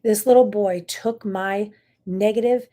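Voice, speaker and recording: A woman's voice: medium pitch, steady tone, a little slow, mellow. A middle-aged woman hosting a talk show, telling a personal story in an earnest, emotional way with many asides. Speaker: host.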